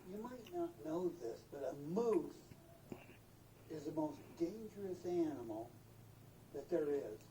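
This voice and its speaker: An older storyteller telling a folksy tale aloud, animated and acting out voices and sounds, recorded from a distance in a roomy space. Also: mid-range voice. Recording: roomy, distant mic, faint noise.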